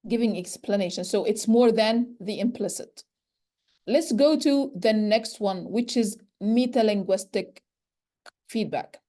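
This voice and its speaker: A woman's voice: mid-range voice, a little slow, mellow. A woman lecturer teaching about correcting learners' errors. She explains step by step and often starts with "so". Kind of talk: recorded teacher-training lecture.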